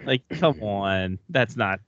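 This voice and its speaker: A man's voice: fairly low pitch, expressive, slow, fairly bright tone, no echo. A man hosts a casual chat, cracking jokes and swearing without a second thought. His voice sounds dry and a bit dull, as if recorded on a lo-fi setup. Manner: joking, swears freely. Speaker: podcast host.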